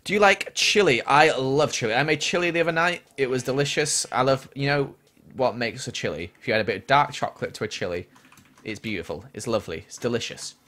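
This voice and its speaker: A man's voice: mid-range voice, expressive, fast talker, pushed and bright. A young man streaming a game, chatting casually and answering chat questions from a small room at home. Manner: chatty, reads chat aloud and answers while playing.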